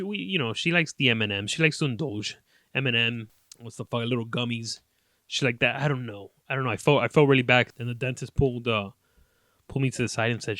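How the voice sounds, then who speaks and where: A man's voice: mid-range voice, no room sound, studio quality. Profane, laughing young man. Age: 20s. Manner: profane, animated, laughs often. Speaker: podcast host. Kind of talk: casual storytelling podcast.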